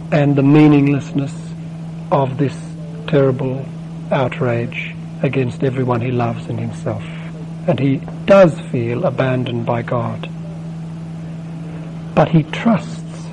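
A man preaching a sermon, asking the listeners question after question and swelling louder on key words. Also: mid-range voice, background noise.

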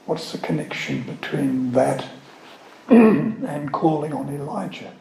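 A man preaching a sermon at a slow, unhurried pace. His voice is mellow and a little higher than most men's. He explains words patiently, with asides, in an echoey room with faint background ambience. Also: lively intonation, vocal fry, slight background noise.

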